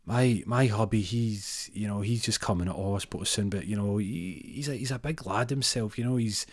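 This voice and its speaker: A man's voice: fairly low pitch, moderate pace, clean studio sound, close to an everyday voice. A man voicing a chatty old woman at a bingo hall who stammers and rambles in a motherly way. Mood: kindly.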